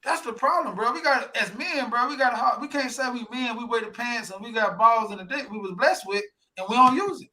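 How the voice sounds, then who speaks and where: A man's voice: very high voice, brisk, few pauses. A man co-hosting a casual podcast chat, talking bluntly with plenty of swearing and acting out quotes in other voices. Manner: animated, blunt, swears freely, acts out quotes. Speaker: podcast co-host.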